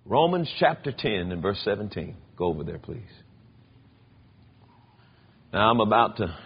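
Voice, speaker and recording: A man preaching a sermon, telling stories in an animated way with big swings in pitch. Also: fairly quick, husky. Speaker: pastor. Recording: dull lo-fi sound.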